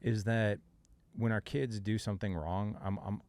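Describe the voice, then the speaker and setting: A middle-aged man hosting a podcast, telling a story with lively energy and acting out what people said in an exasperated way. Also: lowish voice, normal speed, no room sound. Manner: lively, exasperated retelling with acted-out quotes. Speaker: podcast host. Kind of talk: animated storytelling in casual chat.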